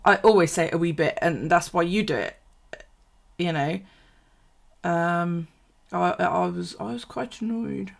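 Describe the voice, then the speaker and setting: A woman with a gravelly, fry-edged voice talks casually through a live stream. She swears freely, laughs often and answers viewers' comments as she chats. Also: on the low side, a little slow, long pauses. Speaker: bullet journal vlogger.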